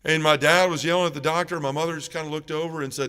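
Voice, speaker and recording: A man's voice: a little high, fast talker, hardly any pauses, clean tone. A man giving an emotional personal testimony at a parish mission, telling his story with feeling. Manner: emotional storytelling, rising loud when reliving arguments. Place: church. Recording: echoey church with long reverb.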